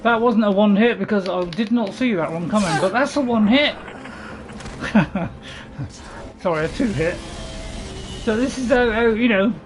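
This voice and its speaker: A man's voice: high voice, rough recording. A man giving casual gameplay commentary, rambling and correcting himself with chuckling asides. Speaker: gaming channel host.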